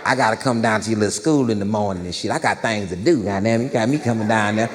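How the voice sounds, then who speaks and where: Brash, swaggering, profane middle-aged father, as a male comic plays him; low voice, long stage reverb. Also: fast talker, close to an everyday voice. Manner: loud, cussing, slangy, swaggering.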